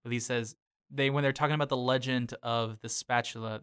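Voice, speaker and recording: Smooth-voiced man sharing trivia. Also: mid-range voice, steady tone, a little fast, a bit bright. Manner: chatty, shares fun facts. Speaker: podcast co-host. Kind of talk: casual chat with trivia.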